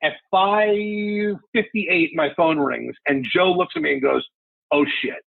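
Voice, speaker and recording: Speaking slowly and in a steady tone, this fortysomething sports radio host tells a podcast audience a personal tale, emotional and frank, with a curse here and there. He sounds husky and gravelly, pitched slightly high for a man. His remote line comes across thin and phone-like, dry and lo-fi without any echo.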